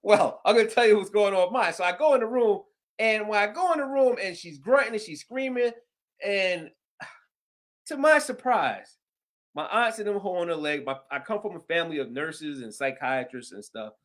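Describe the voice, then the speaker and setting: A middle-aged man with a Southern American accent hosts a casual talk show. His voice sits notably high. He rambles through animated stories, laughs often and acts out the other people's voices. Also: moderate pace. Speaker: host of paranormal news show. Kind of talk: casual storytelling chat.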